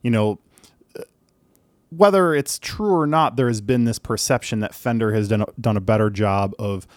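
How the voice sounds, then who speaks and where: A man's voice: lowish voice, moderate pace, no room sound. Rambling casual podcast guy. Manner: rambling, filler-heavy, swears casually. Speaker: podcast co-host. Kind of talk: casual chat.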